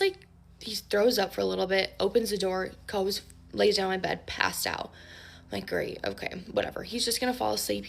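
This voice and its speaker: A woman's voice: mid-range voice, vocal fry, breathy edge. A young woman telling a casual storytime, chatty and full of "like" fillers. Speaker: storytelling creator.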